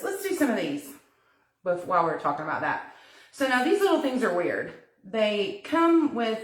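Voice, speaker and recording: A woman hosting a live crafting demo from her kitchen, chatting and giggling with viewers while she works. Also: mid-range voice. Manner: chatty, giggly, thinking aloud while working. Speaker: craft tutorial host. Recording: echoey kitchen, mic at a distance.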